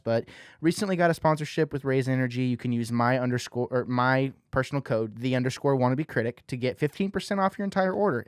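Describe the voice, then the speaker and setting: A man hosting a casual podcast, talking in an animated way with lots of "you know" fillers. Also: medium pitch, no room sound, clean studio sound. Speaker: podcast host.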